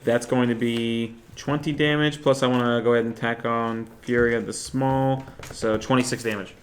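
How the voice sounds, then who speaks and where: A man's voice: mid-range voice, fairly even intonation, moderate pace, a little hiss or hum. A man playing a tabletop game, describing his character's actions hesitantly with many fillers. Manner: hesitant, many fillers, laughs between phrases. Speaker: player.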